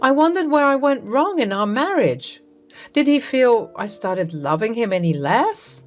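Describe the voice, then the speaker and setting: A woman reading a first-person story with a dramatic, expressive delivery. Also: a little high, unhurried. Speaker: story narrator. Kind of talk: first-person scripted narration. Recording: narration over soft music.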